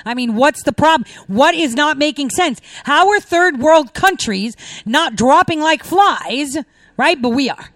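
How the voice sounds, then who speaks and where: A woman's voice: high voice, expressive, measured pace, a bit bright, dry recording. A woman hosting her own commentary video, talking in a sarcastic, ranting way with scornful laughs. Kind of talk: casual monologue reacting to news clips.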